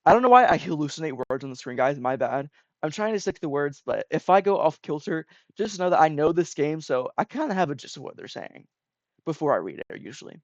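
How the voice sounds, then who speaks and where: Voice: mid-range voice, lively intonation, brisk, slight background noise. A streamer casually chatting and rambling in asides while reading game dialogue aloud. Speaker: let's-play streamer. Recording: dull lo-fi recording.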